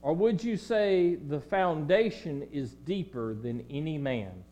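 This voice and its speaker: A pastor with a Southern accent preaching a sermon in a church, swinging between loud emphasis and quiet, low passages. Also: male voice, animated, slow pace, slight background noise. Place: church sanctuary.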